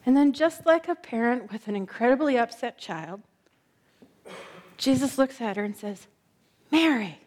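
Woman, sermon, high-pitched, dramatic storytelling, soft emphatic pauses. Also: expressive. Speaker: preacher.

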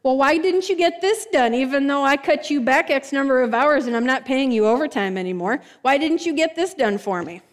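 A woman voicing a demanding, reproachful workplace boss in a high voice. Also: brisk, hardly any pauses, big-room sound, lightly acted.

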